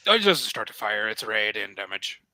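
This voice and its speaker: A man's voice: lowish voice, big pitch swings, fairly quick, sharp tone, no room sound. A man narrating his character's actions as a player in a tabletop game, chuckling often. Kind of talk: casual play narration.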